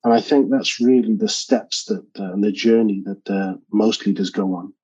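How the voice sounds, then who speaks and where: A man's voice: on the low side, fairly even intonation, moderate pace, darkish tone, breathy edge, dull audio. A man talking as a podcast guest, earnest, often repeating words as he thinks aloud. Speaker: guest, engineering manager. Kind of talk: podcast interview.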